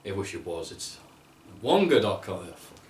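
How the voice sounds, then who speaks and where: A man's voice: deep voice, sing-song, moderate pace, a little mellow. A young man from North East England chatting casually as a guest, swearing a lot and acting out quotes in voices. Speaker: guest, wrestling video maker. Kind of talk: casual chat. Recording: echoey room, from mic distance.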